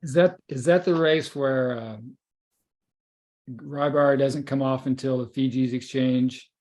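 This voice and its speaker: A man's voice: medium pitch, steady tone, slow pace, darkish tone. Man asking interview questions. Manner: curious, prompting with names and details.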